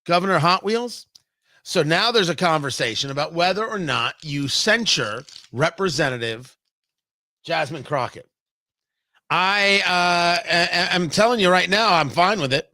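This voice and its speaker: A man's voice: on the high side, animated, moderate pace, pushed and bright, no room sound. A male talk show host giving a rambling, sarcastic political commentary monologue, full of restarts and tangents. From United States.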